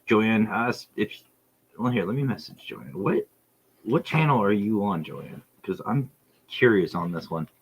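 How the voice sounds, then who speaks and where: A man's voice: lowish voice, lively intonation, measured pace, dull audio, a little hiss or hum. A man hosting his own podcast livestream, chatting casually and enthusiastically with viewers and reading their messages aloud. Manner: rambling, enthusiastic, reads chat aloud. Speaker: podcast host. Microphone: streaming setup.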